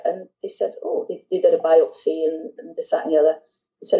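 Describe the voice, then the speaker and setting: A middle-aged woman speaks as a guest, telling her own story with candid, heartfelt openness. Her voice sits a little low and has a very mellow, dark warmth. She halts and restarts her sentences as she goes. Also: fast talker, low-quality recording. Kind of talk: personal storytelling in conversation.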